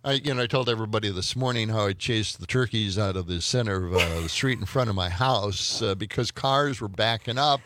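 A man's voice: on the low side, a little fast, few pauses, fairly bright tone. Chatty male morning radio co-host. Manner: chatty, rambling with laughs and restarts. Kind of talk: casual morning radio chat.

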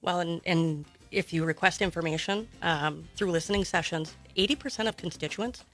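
A woman who runs a childcare center, talking in a halting, earnest way as a guest on a radio interview. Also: fairly low pitch, a bit bright, soft background music. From Wisconsin. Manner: halting, earnest, many restarts.

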